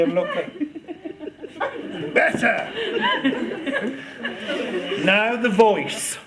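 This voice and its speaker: A man's voice: mid-range voice, sing-song, a little slow, crowd noise. A man leading a storytelling workshop with playful, demonstrative, teasing delivery. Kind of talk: lively workshop talk to students. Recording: loud background noise.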